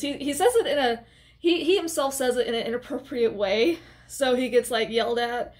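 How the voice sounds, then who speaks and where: A woman casually recapping a horror film for her channel, chatty and expressive, with plenty of filler words and side comments. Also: on the high side, normal speed. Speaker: movie reviewer. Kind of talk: casual movie recap to camera.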